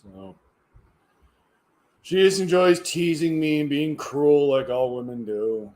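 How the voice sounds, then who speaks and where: A man's voice: on the high side, takes it slowly, darkish tone. A tired man chatting casually on a livestream, rambling and hesitant, often trailing off into mumbles. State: tired, yawning. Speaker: livestreamer reading chat.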